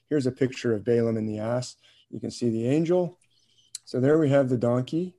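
A man gives an informal class lecture, casually retelling a story, asking his students questions, chuckling, and using hesitant fillers. His mid-range voice is mellow, with fairly even intonation and a moderate pace.

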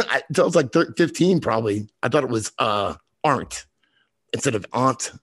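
A man's voice: medium pitch, animated, a little fast, slightly rough, no echo. A man from Boston who grew up in the South, telling stories in casual, profane podcast chat. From Boston, raised in the US South from age eleven. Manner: profane, laughing storyteller who talks in restarts. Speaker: guest, video maker.

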